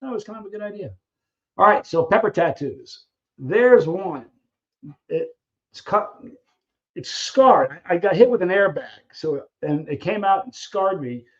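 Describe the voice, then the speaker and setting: Answering viewer questions on a relaxed livestream, this man speaks in a rather high register. His storytelling is lively, with acted-out voices for the characters and frequent halting restarts, all captured in somewhat muffled, lo-fi sound.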